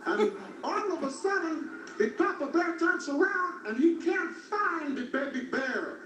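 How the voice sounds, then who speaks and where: Crude deadpan male stand-up comic. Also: very high-pitched, a little slow. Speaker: stand-up comedian. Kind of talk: stand-up comedy. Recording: distant, echoey, noisy club recording.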